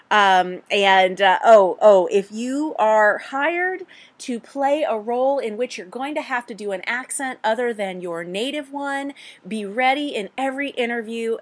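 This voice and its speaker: A woman hosting an advice show for actors, talking in a blunt, animated way with mild swearing. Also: fairly high pitch. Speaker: host; casting coach. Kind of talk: advice talk.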